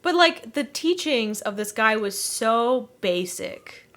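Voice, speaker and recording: A woman's voice: on the high side, lively intonation, slow, fairly bright tone. A woman co-hosting a book club podcast, chatting casually, laughing often and acting out characters' lines. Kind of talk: casual chat.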